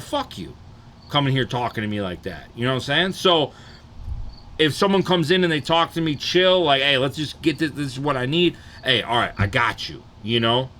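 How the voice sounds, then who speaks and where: Bright-voiced man in casual stream chat. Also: mid-range voice. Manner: profane, rambling storytelling.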